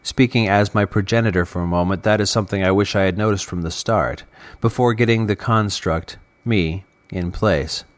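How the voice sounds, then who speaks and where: A man voicing a calm, mysterious male construct that guards memories, speaking in a grave, deliberate way. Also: sits low, close to an everyday voice.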